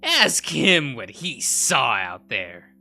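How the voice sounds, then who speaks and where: A man voicing a manic, menacing male weasel with a gun who taunts and shouts. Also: mid-range voice, wildly swooping pitch, takes it slowly, vocal fry, faint music behind, pitched above the performer's own voice, full character voice.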